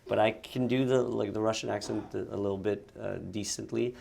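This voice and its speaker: A man's voice: on the low side, steady tone, a little fast, vocal fry, a little mellow, a little hiss or hum. A young man from Montreal, an actor and sketch comedian, chatting in an interview, laughing often and restarting his sentences. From Montreal, Canada. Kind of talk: casual interview chat.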